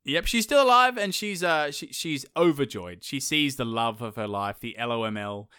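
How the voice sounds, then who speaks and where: A man, a podcast host retelling a folktale in casual chat with animated asides. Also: medium pitch, normal speed, smooth, no echo.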